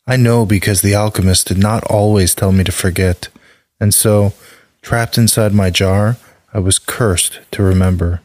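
A man narrating a dark fairy tale in the first person, measured and calm. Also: low voice, dry recording. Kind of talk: scripted narration.

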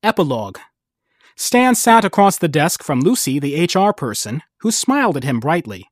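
A woman narrating a story in a calm, even storytelling manner. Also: sits low, moderate pace, no room sound, clean studio sound. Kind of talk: scripted narration.

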